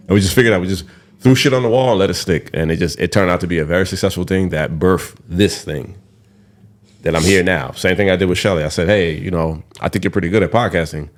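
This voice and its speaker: Low-voiced young man, podcast host, candid rambling chat, salty language. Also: brisk. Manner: candid, rambling, swears freely. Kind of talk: casual podcast monologue.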